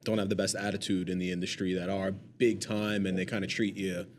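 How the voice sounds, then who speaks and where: Fast-talking low-voiced male podcast host. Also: little pitch movement. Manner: rambling, thinks aloud, tags lines with "you know what I mean". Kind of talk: casual chat.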